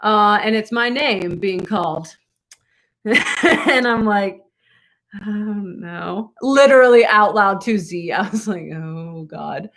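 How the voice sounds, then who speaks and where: A woman's voice: mid-range voice, expressive, measured pace, fairly bright tone. A young woman vlogger telling a rambling story to her viewers with lots of asides and laughter.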